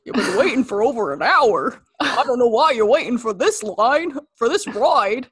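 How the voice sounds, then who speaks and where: A woman's voice: fairly high pitch, sing-song, moderate pace, fairly bright tone, husky, dry recording, clean studio sound, heavily acted. A woman doing a dopey rambling cartoon dog. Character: goofy, clumsy cartoon dog man.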